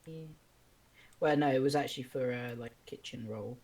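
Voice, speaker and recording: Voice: mid-range voice, normal speed, a little mellow. A gamer chatting casually with friends while playing, sweary, joking and rambling. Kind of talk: casual gaming chat.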